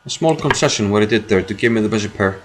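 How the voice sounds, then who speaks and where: A man streaming his own chess game, commenting live as he thinks aloud, repeating phrases and filling pauses. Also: fairly low pitch, a little hiss or hum.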